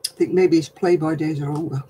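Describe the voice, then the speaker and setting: Mellow chatty woman, broad Lancashire accent. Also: sits low, fairly even intonation, brisk, a little hiss or hum, low-quality recording. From Lancashire, England. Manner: chatty and homely, calls viewers "love". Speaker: host of a crafting livestream. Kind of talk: casual chat, answering viewer comments while crocheting.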